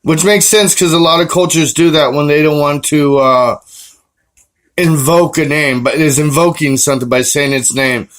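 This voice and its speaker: Easygoing man, slightly high voice. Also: normal speed, a bit bright, poor audio. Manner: joking, easygoing. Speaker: podcast host. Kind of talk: casual chat.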